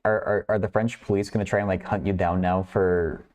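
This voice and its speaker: A man's voice: low voice, little pitch movement, brisk, a little mellow. A man hosting a math livestream, working through problems aloud while chatting with viewers and laughing often. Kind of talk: casual livestream problem-solving.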